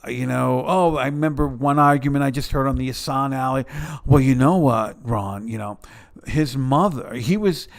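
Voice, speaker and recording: A man's voice: mid-range voice, moderate pace, gravelly. Male commentator, mid-range voice, sarcastic and rambling delivery. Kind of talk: casual commentary.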